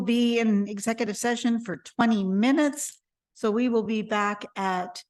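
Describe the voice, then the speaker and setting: Slow, hoarse woman chairing a meeting. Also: mid-range voice, steady tone, recorded from a distance. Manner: deliberate, reads out legal citations. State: hoarse, losing her voice. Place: city council chamber.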